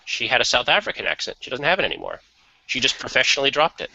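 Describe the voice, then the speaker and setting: A man's voice: medium pitch, big pitch swings, rapid-fire, creaky, sharp tone, lo-fi sound. A man chatting casually and giving opinions on a radio talk show, often laughing.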